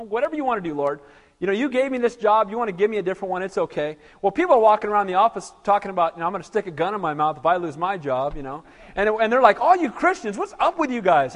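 High-voiced preaching man in a reverberant hall. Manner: conversational preaching, calls out "Amen?" to the congregation. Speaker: pastor. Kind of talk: sermon. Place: church.

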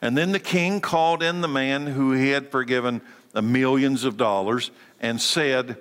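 A man's voice: mid-range voice, fairly even intonation, normal speed, a bit bright, clean tone, in a large hall. A man preaching a sermon, emphatic, repeating key words and putting questions to his audience. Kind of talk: animated sermon.

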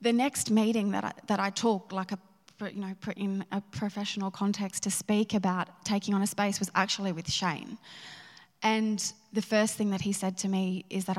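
Woman, charity leader, earnest interview talk full of fillers, flat delivery, long reverb. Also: medium pitch, moderate pace. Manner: earnest, with many fillers like "you know". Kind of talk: interview answers.

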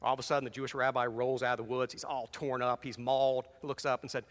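A man preaching a sermon as pastor, animated, telling jokes and reading scripture with dramatic emphasis. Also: medium pitch, fast. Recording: long reverb of a large hall.

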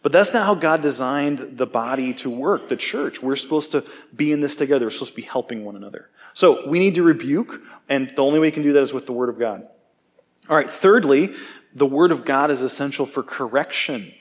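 A man giving a conversational sermon, relaxed and self-deprecating, often checking in with his listeners. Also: medium pitch, fairly quick. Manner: casual, self-deprecating, asks "okay?" often. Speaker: preacher.

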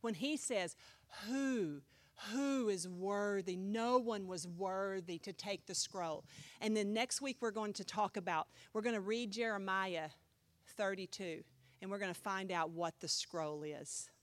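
A woman pastor teaching a Bible class in a chatty, animated way, often asking the class questions. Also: mid-range voice, a little slow, no echo.

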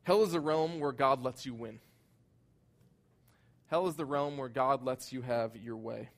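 A man preaching a sermon, earnest and emphatic, his voice swelling loud at high points and sinking soft and low at others. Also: unhurried. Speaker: pastor.

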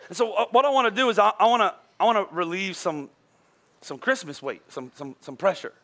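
A man preaching as a pastor, telling a funny personal story in a lively, self-deprecating way before giving sermon points. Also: high voice, a little fast. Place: church auditorium.

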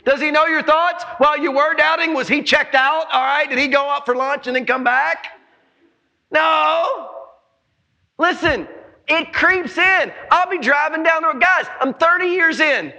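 Man in his forties, pastor, very high voice, sharp bright tone, shouting sermon. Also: normal speed. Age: 40s. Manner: animated, shouting in bursts, joking with the congregation.

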